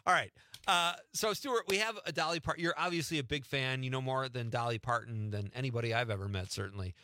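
A man's voice: mid-range voice, quick pace, pushed and bright, slight background noise. A man hosting a radio show, joking and laughing as he runs a quiz with his guest. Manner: playful, laughs often, quizzes his guest. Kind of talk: casual radio chat.

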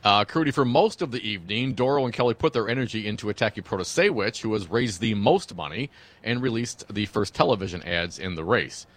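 A man's voice: lowish voice, animated, brisk. A man co-hosting political talk radio, reading news with blunt, wry remarks. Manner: blunt, wry commentary with frequent "uh" fillers.

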